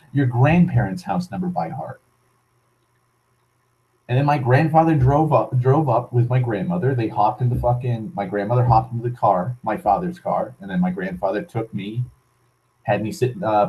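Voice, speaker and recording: A vlogger rants through a rambling personal story, heated and swearing constantly, with lots of restarts. His voice is a little high with a dark tone, and the recording is rough.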